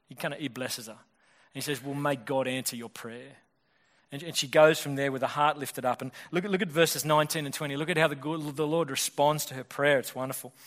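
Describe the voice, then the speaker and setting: A male pastor preaching a sermon in a fast, conversational way, often restarting his sentences. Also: a little high. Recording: long hall reverb.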